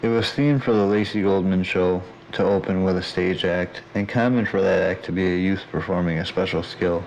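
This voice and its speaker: A man reading his own audiobook aloud in a steady, even way. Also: low-pitched, moderate pace, a little hiss or hum, poor audio. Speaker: audiobook narrator. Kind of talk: audiobook narration.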